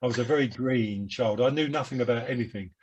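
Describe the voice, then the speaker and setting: A man in his seventies with a London Cockney accent, a guest telling rambling, self-deprecating stories in a relaxed interview over a video call. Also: mid-range voice, fast, highs cut off, slight background noise. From London, England. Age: 70s. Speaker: guest musician. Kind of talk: reflective interview chat.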